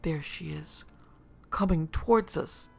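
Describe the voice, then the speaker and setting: A woman voicing a terrified young man who sees a ghost, crying out in panic and hoarse whispers. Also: deep voice, slow, a little mellow, lo-fi sound, faint music behind, exaggerated voice. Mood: panicked.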